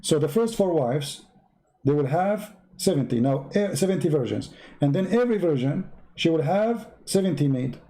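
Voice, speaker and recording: A man's voice: fairly high pitch, animated, moderate pace, mellow. Sarcastic man with an Arabic accent. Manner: sarcastic, broken grammar, repetitive counting. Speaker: host. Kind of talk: mocking religious commentary.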